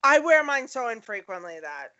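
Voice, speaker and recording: A woman's voice: on the high side, sing-song, normal speed, sharp tone. A young woman co-hosting a podcast in casual chat, telling stories animatedly and acting out the voices of people she quotes. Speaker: podcast co-host. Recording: dull lo-fi podcast audio.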